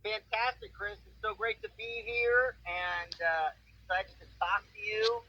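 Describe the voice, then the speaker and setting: A man's voice: sits high, fairly even intonation, unhurried. A man in his forties, a voice actor telling stories in a casual interview with an upbeat, enthusiastic manner. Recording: muffled with faint noise.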